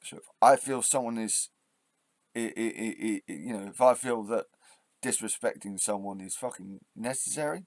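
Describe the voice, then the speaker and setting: A channel host with a lowish voice delivers an impassioned, swearing vlog rant that sinks into quiet musing before flaring up loud again. He restarts haltingly as he thinks aloud, and there's no room sound.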